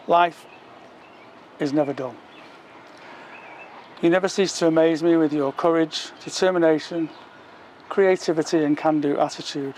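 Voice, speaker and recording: A man's voice: fairly high pitch, darkish tone, a little hiss or hum. A man, the groom, earnestly reading his wedding vows from a page outdoors in a park.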